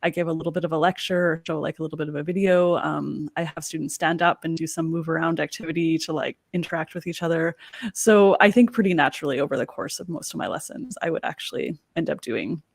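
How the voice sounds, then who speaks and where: Relaxed woman with a dry, gravelly voice. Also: low voice, fast, no echo. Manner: relaxed, many "like" and "um" fillers. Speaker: ESL teacher and host. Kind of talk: casual livestream chat.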